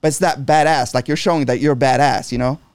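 A man's voice: medium pitch, fairly even intonation, a little fast, darkish tone, clear, resonant tone, dry recording. A middle-aged man in casual chat, talking bluntly with lots of swearing and restarts. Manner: blunt and profane, frequent restarts.

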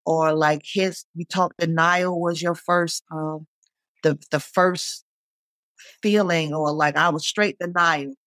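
A podcast host speaking haltingly with many fillers while thanking and questioning a guest. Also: medium pitch, steady tone, fairly bright tone, no room sound. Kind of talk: conversational interview.

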